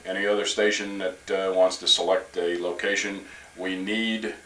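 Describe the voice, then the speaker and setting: A man acting as net control on an amateur radio net, polite and measured, with frequent hesitations. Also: deep voice, flat delivery, sharp tone, slight background noise. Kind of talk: procedural radio net talk. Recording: echoey room, camcorder from far off.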